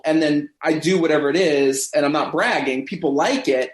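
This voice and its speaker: A man's voice: on the high side, fairly quick, few pauses. A man in his fifties, a podcast guest telling a long anecdote and acting out the voices of people he quotes. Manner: animated, acts out quoted voices. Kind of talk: anecdotal storytelling in a podcast interview. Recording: echoey room.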